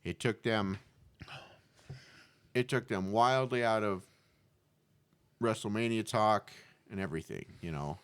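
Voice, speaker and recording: Laid-back man, low voice. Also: unhurried, pauses often, smooth. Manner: relaxed, agreeable, loose phrasing. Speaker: co-host. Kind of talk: casual chat.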